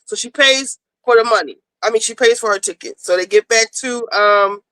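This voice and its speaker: A woman's voice: on the high side, normal speed, pushed and bright, smooth, no echo, rough recording. A woman hosting a casual talk show, rambling as she retells a TV episode and acts out the characters' lines. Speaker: podcast host.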